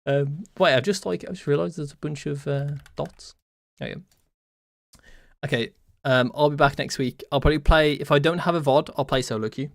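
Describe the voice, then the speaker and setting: A man's voice: on the high side, normal speed, vocal fry, no room sound. A young man from the West Midlands of England, a game coach chatting casually on a live stream, rambling and repeating himself with many fillers.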